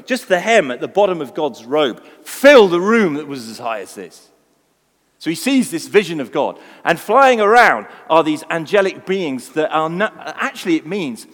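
A man preaches in a large church, his slightly high voice rising and falling with lively, expressive emphasis. His sermon moves from hushed, low stretches to loud, exclaimed lines. A long reverb hangs on every word. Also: moderate pace. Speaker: pastor.

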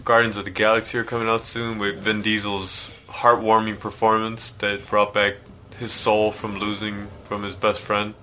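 A man's voice: on the low side, level tone, normal speed, sharp tone, a little hiss or hum. A man co-hosting a casual podcast, trading sarcastic jokes. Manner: sarcastic jokey quips. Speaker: podcast co-host. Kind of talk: casual comedic chat.

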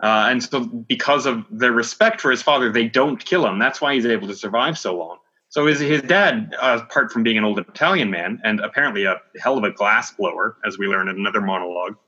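Bright-voiced chatty man, lo-fi. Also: on the low side, fairly quick, hardly any pauses. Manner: chatty, jumps in with corrections and asides. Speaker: podcast co-host. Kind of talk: casual chat about a film. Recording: dull lo-fi audio.

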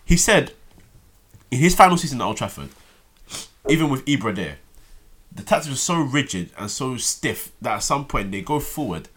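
A man chatting casually about football as a co-host, emphatic and animated, often repeating his words. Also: medium pitch, moderate pace, slightly rough.

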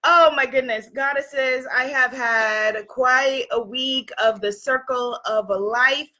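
A high-pitched woman with a bright, sparkling voice hosts a spiritual livestream from a makeshift home studio. She is in her forties and talks effusively, greeting viewers by name and building toward inspirational encouragement. She is picked up through a phone or computer camera mic. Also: fairly even intonation, takes it slowly. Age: 40s. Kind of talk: casual livestream talk.

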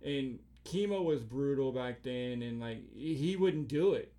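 A man's voice: mid-range voice, animated, unhurried, mellow. A middle-aged man co-hosting a podcast, telling a long, profane story with a lot of filler and acting out other people's lines. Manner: profane rambling storyteller, acts out quotes. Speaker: podcast co-host. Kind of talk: casual chat.

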